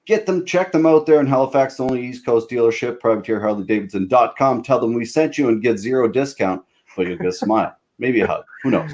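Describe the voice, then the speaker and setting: A man's voice: medium pitch, quick pace, a little mellow. A man from Nova Scotia hosting a podcast, talking in a loose, joking, rambling way with plenty of fillers. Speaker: podcast host. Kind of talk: casual chat.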